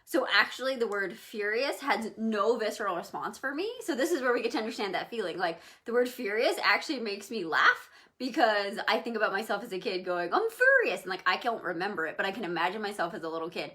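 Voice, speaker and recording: A woman co-hosting a live video chat, talking casually with quick asides and "um"s. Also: medium pitch, sharp tone. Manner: chatty, quick asides, fillers like "um". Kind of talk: casual live-stream talk.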